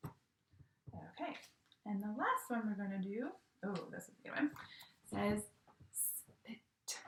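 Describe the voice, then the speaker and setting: A woman teacher talks slowly and patiently through a recorded phonics lesson for young children. Her voice carries a slight vocal fry, and she keeps checking in with a sing-song "okay?". The sound bounces around an echoey room. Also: mid-range voice, a bit bright.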